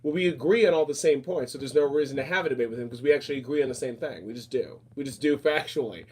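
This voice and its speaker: A man's voice: mid-range voice, rapid-fire, husky. A man chatting casually and flamboyantly, repeating himself and calling people darling. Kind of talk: casual chat.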